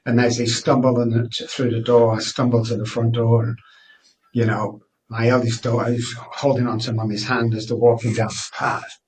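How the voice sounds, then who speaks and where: A man's voice: mid-range voice, flat delivery, moderate pace, darkish tone, recorded from a distance, a little hiss or hum, low-quality recording. Candid middle-aged man. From Manchester, England. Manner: earnest, candid, frequent restarts. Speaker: guest. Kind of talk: personal storytelling interview.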